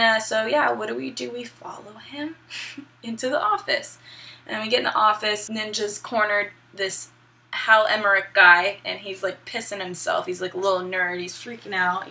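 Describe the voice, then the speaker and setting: A woman's voice: medium pitch, level tone, moderate pace, gravelly, sharp tone. A young woman recapping a video game story in a casual, irreverent way, with profane, laughing asides. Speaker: gaming vlogger.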